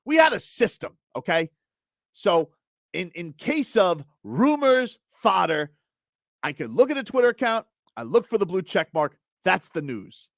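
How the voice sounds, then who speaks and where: A man's voice: high-pitched, measured pace, no room sound, clean studio sound. A man hosting a sports talk radio show, telling stories and ranting in mock outrage. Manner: animated storytelling, rants with mock outrage. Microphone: studio microphone.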